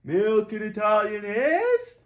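A woman, a parent, teaching young children Italian words in a hotel room, saying each word slowly and repeating it. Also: medium pitch, big pitch swings, reverberant. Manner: slow, drawn-out repetition of each word. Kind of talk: children's vocabulary lesson.

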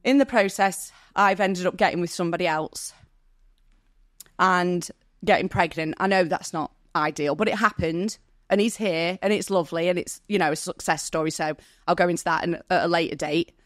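A woman's voice: on the low side, normal speed, a bit bright, no room sound, clean studio sound. A woman, tearful as a podcast guest, telling her story in a rambling, apologetic way. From Manchester, England. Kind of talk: personal storytelling in a podcast interview.

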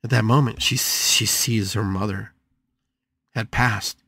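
A man's voice: lowish voice, steady tone, a little slow, gravelly, sharp tone, breathy edge, no echo, clean studio sound. A man hosting a spiritual podcast, telling a story with emphatic, dramatic repetition. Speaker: podcast host.

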